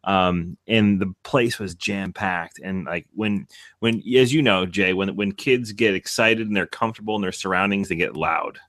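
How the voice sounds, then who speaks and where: Male co-host, lower voice with a bright edge, halting chatty storyteller. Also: dry recording. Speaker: podcast co-host. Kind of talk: casual chat.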